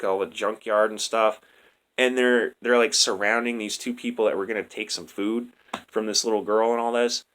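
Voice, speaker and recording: A man's voice: mid-range voice, pushed and bright. A man reviewing a movie in a crude, slangy, exasperated rant. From United States. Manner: crude, slangy and exasperated, says "dude" a lot. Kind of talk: casual rant.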